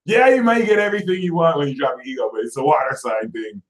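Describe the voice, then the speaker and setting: A man hosting an astrology livestream, ranting animatedly, dropping to low mutters and then breaking into loud shouts while mocking other signs in put-on voices. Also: fast, echoey room, rough recording. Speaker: astrology channel host.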